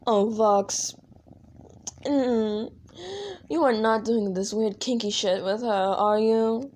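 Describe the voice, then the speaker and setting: A woman's voice: on the high side, steady tone, takes it slowly, a little mellow, a little hiss or hum. A woman voicing a flamboyant, dramatic male demon in a fan audio role-play, whiny, theatrical and crude. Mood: nosy.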